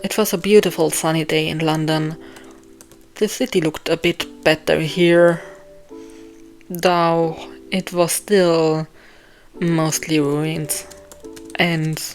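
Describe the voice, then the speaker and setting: A young woman thinking aloud as she writes her novel, rambling and self-deprecating, with plenty of ums and restarts and a voice getting tired. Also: low voice. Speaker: author writing a novel live. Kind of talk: casual thinking aloud while writing.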